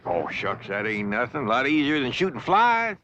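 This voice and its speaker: An actor playing a humble, easygoing middle-aged backwoods patriarch in a 1960s TV sitcom, with a slow folksy Ozark drawl. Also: male voice, mid-range voice, big pitch swings, lightly acted. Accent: Ozark rural Southern. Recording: dull old TV audio with hiss.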